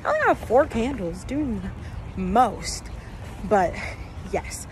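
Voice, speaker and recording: Young woman, casual vlogger, playful and animated delivery, noisy handheld sound. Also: fairly high pitch, slow. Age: young adult. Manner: chatty and playful, talking to the camera. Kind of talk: casual vlog chat.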